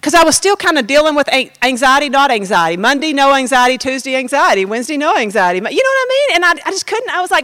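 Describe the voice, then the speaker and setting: A woman's voice: sits high, big pitch swings, fast talker, few pauses, a bit bright, no room sound. A woman giving a personal testimony as a sermon, talking straight to the congregation in a conversational way. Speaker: preacher.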